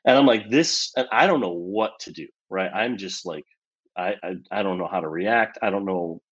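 A man being interviewed as a guest, telling a personal story in an animated way with lots of casual fillers. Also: sits low, moderate pace, slightly rough, muffled recording.

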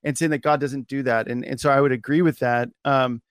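A man hosting a podcast interview. He talks in a relaxed, rambling way with many fillers and restarts. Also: mid-range voice, brisk, clear, resonant tone, no echo, clean studio sound. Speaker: podcast host. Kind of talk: casual interview conversation.

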